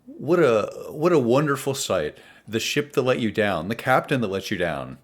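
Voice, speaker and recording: A man narrating a tabletop game as game master, in a measured, descriptive way. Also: mid-range voice, big pitch swings.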